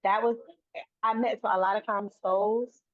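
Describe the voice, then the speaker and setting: A woman's voice: medium pitch, fairly even intonation, unhurried, no room sound. A woman guest on an interview, talking earnestly in long run-on sentences that often restart. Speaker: guest, autism advocate. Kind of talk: conversational interview. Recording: dry, tinny phone-like line.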